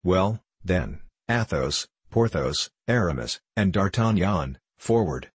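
A man voicing a calm, noble musketeer leader in an audiobook reading. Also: low voice, takes it slowly, slightly rough, no room sound, heavily acted. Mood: grave.

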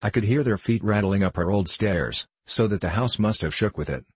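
A man narrating a storybook in a measured, steady reading. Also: on the low side, breathy edge, dry recording. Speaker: audiobook narrator.

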